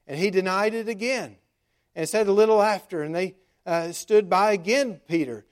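A man's voice: sits high, fairly quick. A male pastor preaching a sermon, retelling scripture in plain everyday words with a conversational manner and frequent filler sounds.

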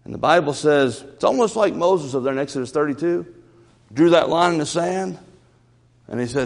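A man preaching a sermon in a church, lively, often repeating and stumbling over his first words. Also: on the high side, fairly quick, vocal fry. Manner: animated, repeats words, stammers at starts. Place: church sanctuary. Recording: reverberant church hall.

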